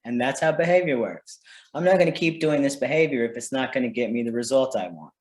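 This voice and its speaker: A man's voice: mid-range voice, fast talker. A man presenting a parenting workshop in an informal teaching style, conversational and often checking in with "right?". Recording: roomy echo.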